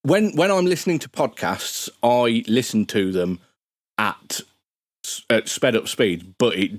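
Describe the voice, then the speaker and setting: Podcast guest guy, rambly and chatty, mid pitch voice, dead dry mic. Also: lively intonation, measured pace, dry recording. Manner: rambling, chatty, many restarts. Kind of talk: casual podcast chat.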